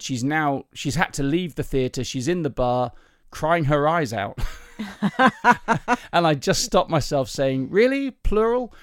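In a casual storytelling chat, a male comedian hosting a podcast tells self-mocking anecdotes, often saying um and starting sentences over. His voice is medium in pitch, and the studio-quality recording is dry.

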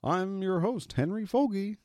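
A man putting on a pompous, old-time male radio host, with grandiose, drawn-out announcing, as a comedic impression. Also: high voice, expressive, a little mellow, no room sound, clean studio sound, voice pushed up.

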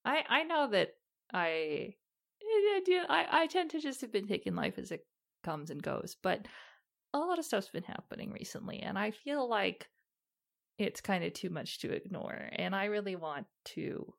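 A woman's voice: mid-range voice, big pitch swings, moderate pace, gravelly. A woman playing her character in a tabletop game, talking in a rambling, hesitant way. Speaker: player. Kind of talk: tabletop role-play, in character.

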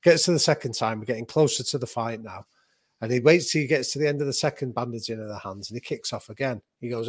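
A man recounting a story in a dry, close-sounding recording. He tells it in vivid, anecdotal detail, restarting quickly when the words run ahead of him. His voice sits at an ordinary middle pitch. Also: no room sound. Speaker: boxing coach and author. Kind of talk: animated conversational storytelling.

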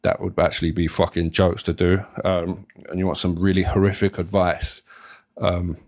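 A man's voice: low voice, flat delivery, normal speed, darkish tone, no echo, clean studio sound. A young man hosting a solo podcast, rambling casually, swearing freely and often restarting his sentences. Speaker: podcast host.

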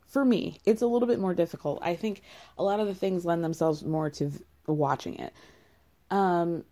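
Mellow-voiced woman chatting casually. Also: on the low side, moderate pace. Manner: candid, rambling, with frequent "like" and laughs. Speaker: show recap host.

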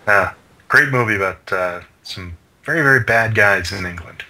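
A man's voice: on the low side, moderate pace, sharp tone, rough recording. A man co-hosting a podcast, chatting casually and a little hesitantly. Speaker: podcast co-host.

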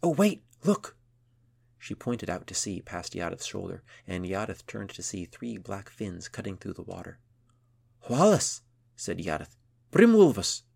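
A man narrating a children's adventure story in a measured storytelling manner. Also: low-pitched, fairly even intonation, gravelly, slightly rough. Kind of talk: scripted narration.

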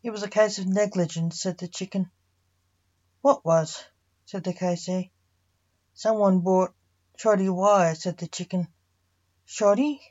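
A woman reading a fantasy story aloud, voicing all the characters in a mostly even narrating voice. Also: on the low side, a little slow, pauses often. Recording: muffled lo-fi recording.

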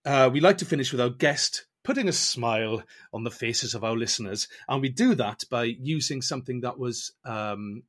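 Husky-voiced man co-hosting a podcast. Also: medium pitch, lively intonation, moderate pace, few pauses, a bit bright. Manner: chatty, wraps up the show. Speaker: podcast co-host. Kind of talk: casual podcast chat.

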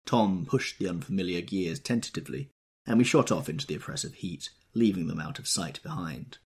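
A man reading an audiobook in scripted narration, expressive and measured. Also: low-pitched, creaky, slightly rough.

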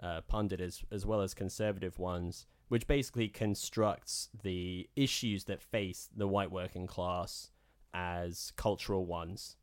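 Podcast co-host, male, low-pitched, sardonic casual talker, dry studio sound. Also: fairly even intonation, measured pace, few pauses, dry recording. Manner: sardonic, rambling with restarts. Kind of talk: casual political chat.

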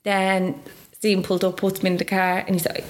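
A woman's voice: mid-range voice, completely flat delivery, brisk. A young woman with an Irish accent, telling her own story as an interview guest in a chatty way, full of "like" and acted-out quotes. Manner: chatty, lots of "like", acts out quoted voices. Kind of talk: personal story told in conversation.

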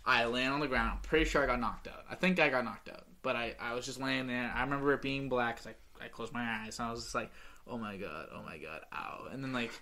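A man's voice: medium pitch, fairly even intonation, quick pace, few pauses, pushed and bright. A young man hosting a podcast, telling a long story in a casual, rambling way with lots of fillers. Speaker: podcast host.

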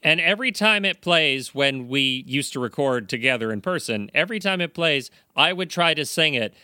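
A man's voice: on the high side, expressive, normal speed, pushed and bright, smooth, no room sound, clean studio sound. A man co-hosting a casual podcast, teasing his friends with gleeful laughter. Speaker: podcast co-host.

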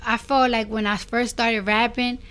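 A woman's voice: fairly high pitch, normal speed, clean tone. A woman in her twenties with a Bronx New York accent, a guest talking bluntly and profanely in a casual interview. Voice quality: blunt and profane, animated storytelling. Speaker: guest rapper.

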